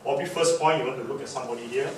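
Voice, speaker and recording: A man's voice: medium pitch, very fast. A man giving a public speaking workshop lecture, emphatic and demonstrative, repeating key words to drive them home. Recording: very echoey room, distant mic, background noise.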